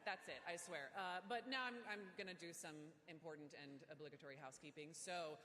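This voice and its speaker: A woman's voice: sits low, fairly quick, bright, forceful tone. A woman hosting a live awards show on stage, joking and teasing the crowd in a playful, self-mocking way. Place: large event hall stage. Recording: long reverb of a big event hall.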